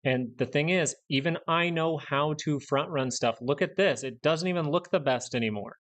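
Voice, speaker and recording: A man's voice: on the high side, moderate pace, a bit bright. A young man hosting a live stock market stream, ranting bluntly and repeating points for emphasis. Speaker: stock market livestream host.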